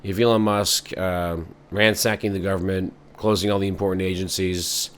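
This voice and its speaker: A man's voice: low-pitched, flat delivery, normal speed. A man hosting a podcast in a rambling, sardonic comic monologue full of fillers. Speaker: podcast host.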